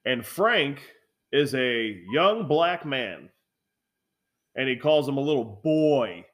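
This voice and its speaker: A man telling a work story in a casual, profane chat, acting out the lines of coworkers with animated delivery. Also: mid-range voice, slow pace. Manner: animated, swears a lot, acts out coworkers' lines.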